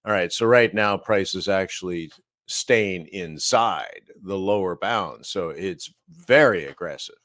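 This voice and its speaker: A man teaching trading live, walking through price charts slowly, thinking aloud with fillers and asides. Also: sits low, a bit bright, dry recording, studio quality. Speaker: trading educator.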